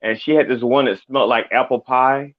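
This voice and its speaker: A man's voice: medium pitch, steady tone, brisk. Guy rambling a story, stammers a lot, kinda muffled audio. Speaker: podcast co-host. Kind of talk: casual storytelling chat.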